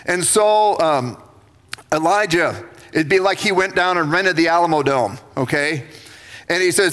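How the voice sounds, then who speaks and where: A man preaching a sermon, telling the story with lively, acted-out voices for the figures. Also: high voice, a little slow. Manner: animated storytelling, acting out biblical figures. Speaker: pastor. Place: church sanctuary. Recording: reverberant church livestream.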